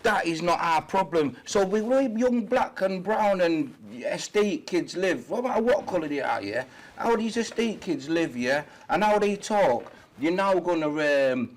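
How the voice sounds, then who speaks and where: A man's voice: high voice, lively intonation, measured pace, few pauses. A man, a podcast guest speaking emphatically in casual interview talk, checking in with "yeah?" as he goes. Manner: emphatic, frequent "yeah?" check-ins and "mm" backchannels.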